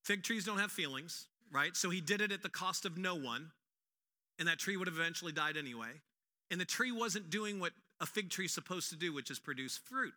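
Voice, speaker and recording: An animated male pastor preaching, acting out the stories with humor. His voice is high and very bright and piercing, and a long hall reverb trails each phrase. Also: a little fast. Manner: animated storyteller, acts out quotes with humor. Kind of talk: sermon.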